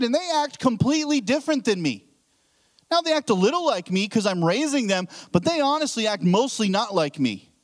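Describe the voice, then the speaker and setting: Male pastor, 30s, high animated voice, casual preaching, banters with the crowd. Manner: conversational, jokes with the congregation, asks questions. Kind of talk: casual sermon.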